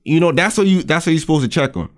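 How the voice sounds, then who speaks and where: Co-host, male, rapid and lively, a touch high, worked-up and repetitive delivery. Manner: heated, emphatic, repeats himself. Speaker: podcast co-host. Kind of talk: casual chat.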